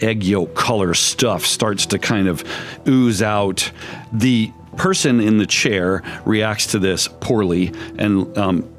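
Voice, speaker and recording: A man narrating a horror tabletop game as game master, halting and filler-heavy but vividly descriptive. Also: on the low side.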